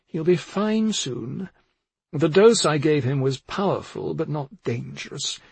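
A man's voice: on the high side, a little slow, a little mellow, dry recording, voice pushed up, full character voice. A man voicing a cold, calculating female doctor who speaks in a soothing, businesslike way. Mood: coolly persuasive. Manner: smooth, soothing yet businesslike.

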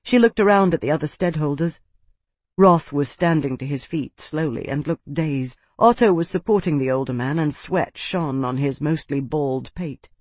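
A man narrates a fantasy audiobook with steady, dramatic pacing. His voice sits a little higher than most men's, and the recording is completely dry, with no room sound at all. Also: moderate pace, no room sound.

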